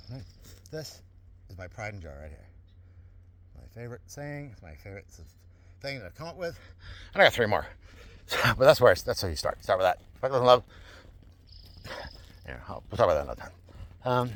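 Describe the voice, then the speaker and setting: A man talking to camera in a rambling, digressive monologue, repeating himself and laughing often. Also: medium pitch. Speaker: vlogger.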